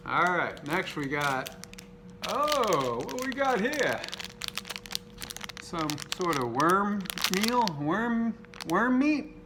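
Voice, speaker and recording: A man hosting a casual unboxing vlog, cracking crude, profane jokes with deadpan self-mockery. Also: on the high side, a little hiss or hum. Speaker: video host.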